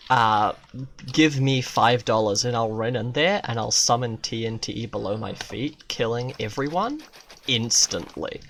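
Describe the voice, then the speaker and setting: A man's voice: mid-range voice, fairly bright tone, a little hiss or hum. A man streaming a video game, rambling through absurd, profane jokes in live commentary.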